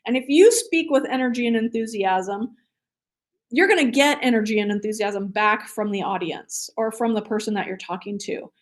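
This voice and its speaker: A woman's voice: on the high side, moderate pace. A woman instructor giving a recorded training lecture, chatty and enthusiastic, with fillers and small laughs. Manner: energetic and enthusiastic.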